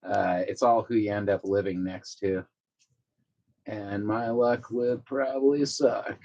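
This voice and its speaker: A man's voice: lowish voice, slow, dull audio. Laid-back rambling man vlogging at home. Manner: rambling, relaxed, swears casually. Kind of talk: casual chat to viewers while doing chores. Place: apartment at home.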